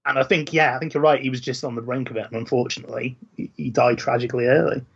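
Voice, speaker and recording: A man's voice: mid-range voice, steady tone, fast talker, creaky, breathy edge. A man co-hosting a podcast, chatting thoughtfully about films with some hesitant restarts. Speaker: podcast co-host. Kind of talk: casual film chat. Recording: muffled lo-fi mic.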